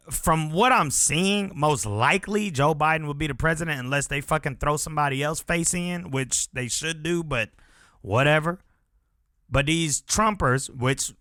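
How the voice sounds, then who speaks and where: A man's voice: mid-range voice, bright, forceful tone, no room sound, studio quality. A man hosting a podcast, talking in a blunt, profane and emphatic way in a casual solo rant. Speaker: podcast host.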